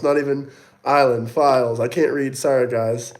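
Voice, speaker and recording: Here the livestream host speaks at medium pitch and a moderate pace, his intonation fairly even. He mockingly reads out super chats and needles the people commenting. He sounds sweaty and coughs every so often.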